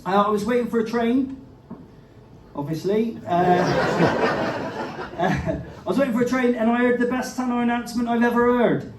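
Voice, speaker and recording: A man's voice: extremely high pitch, steady tone, moderate pace, long pauses, background noise. A male comedian hosting a village-hall gig, chatty and cheeky, swearing and teasing the crowd. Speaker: comedian and compere. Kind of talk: stand-up comedy and crowd banter. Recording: echoey hall, distant mic, crowd laughter.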